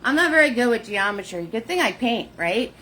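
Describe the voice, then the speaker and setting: A woman leading a live painting lesson, chatty and warm with viewers, greeting them by name in sing-song hellos. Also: a little high, sing-song, a little fast. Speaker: painting instructor.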